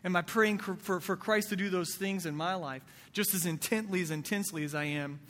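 Man, pastor, sermon, high voice, conversational, rhetorical questions, long hall reverb. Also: a little fast, fairly bright tone.

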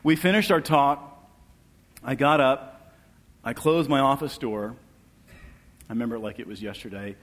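Middle-aged guy telling his testimony in church, mid pitch, earnest, big echoey hall. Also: moderate pace, long pauses, a little hiss or hum. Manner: earnest, calls for amens, voice drops low and soft at emotional moments. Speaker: guest speaker sharing testimony. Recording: long reverb of a large hall.

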